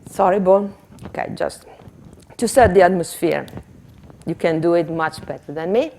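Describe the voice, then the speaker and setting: A woman's voice: fairly low pitch, moderate pace, dark tone, a little hiss or hum. A woman giving a teacher-training workshop, talking hesitantly with fillers and laughing at herself, on a handheld microphone. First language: Italian. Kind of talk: workshop lesson demonstration.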